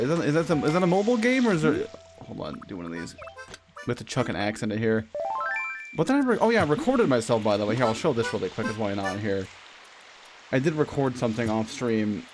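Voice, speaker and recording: Brief: casual streamer talking over gameplay, self-correcting and chatty, soft game music underneath. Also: medium pitch.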